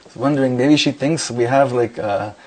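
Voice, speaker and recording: Animated storytelling man, mid pitch. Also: fairly quick. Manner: animated anecdotes with quoted dialogue. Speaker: rabbi teaching a class. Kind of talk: storytelling before a Torah class.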